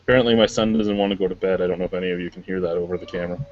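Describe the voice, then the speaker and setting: Man, host, casual chat, lowish voice, dry, muffled webcam audio. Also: fairly even intonation, very fast, heavy background noise.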